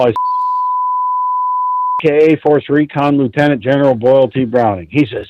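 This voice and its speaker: A man's voice: mid-range voice, animated, normal speed, pauses often, darkish tone, no room sound, poor audio. A man calling in to a talk show, telling a long story in an intense, rambling way and swearing often. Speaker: caller.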